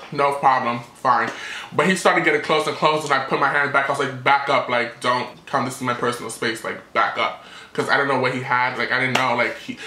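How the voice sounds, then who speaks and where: Brief: young male vlogger, fast and bright, animated storytime rant, echoey room. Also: medium pitch, a little hiss or hum. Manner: animated, dramatic retelling with quoted voices.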